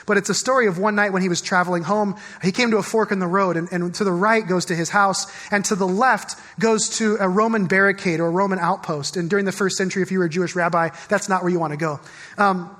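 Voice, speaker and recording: A man's voice: high-pitched, steady tone, quick pace, a bit bright, big-room sound. A man preaching a sermon as pastor, speaking conversationally and often stopping to ask the congregation questions. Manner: conversational, repeats words and asks the congregation questions. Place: church sanctuary.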